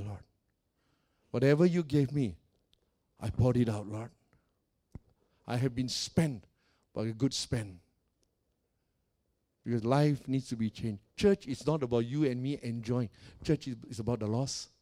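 A man preaching a sermon as pastor of a church, calling out to the congregation and swinging between soft and loud. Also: medium pitch, unhurried, long pauses. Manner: preaching with call-and-response and dramatic swings in volume.

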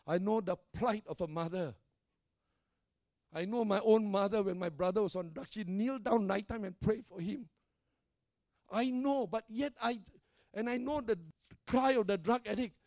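A man's voice: sits high, moderate pace, a little mellow, dry recording, studio quality. A middle-aged man, a pastor, preaching a sermon emphatically and often tossing questions like "huh?" to the congregation. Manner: emphatic preaching with call-and-response tags.

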